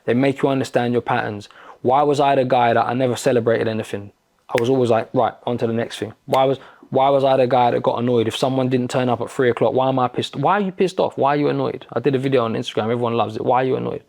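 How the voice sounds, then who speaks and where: A man, a podcast guest, telling a story in casual talk, animated and swearing freely. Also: mid-range voice, fast, creaky. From London. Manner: animated, swears freely, acts out quoted exchanges.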